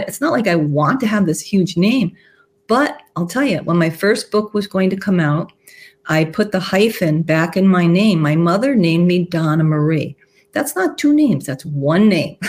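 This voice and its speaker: A woman author is a guest on a talk show, with a voice lower than most. She is friendly and chatty, and she laughs often as she tells stories. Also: a little mellow. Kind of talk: casual talk show interview.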